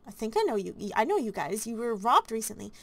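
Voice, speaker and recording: A calm male police officer answers a call in a game let's play, as a woman puts him on. He speaks softly and evenly. The voice is on the higher side. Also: fast talker, creaky, full character voice.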